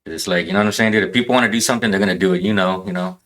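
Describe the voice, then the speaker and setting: A man in a casual podcast chat, telling a story in rough, profane language. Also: low voice, very fast, a bit bright.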